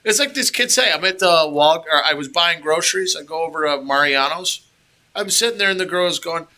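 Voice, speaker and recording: A man co-hosting a casual talk show, telling animated, joking stories in a small studio room. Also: fairly high pitch, a little fast. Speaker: co-host. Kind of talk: casual podcast chat.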